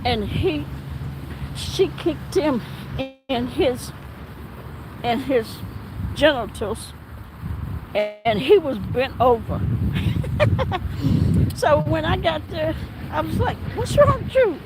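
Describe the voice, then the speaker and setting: A woman police officer telling a story while walking outdoors, animated and acting out the back-and-forth. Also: high-pitched, extremely slow, pauses often, noisy background. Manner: animated, acts out quoted exchanges. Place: outdoors on an urban street.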